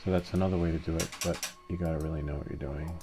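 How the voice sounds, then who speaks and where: His pitch is extremely low and he races along, walking viewers through a laid-back 3D printing tutorial on screen share. He thinks out loud one step at a time while working, and background noise is audible.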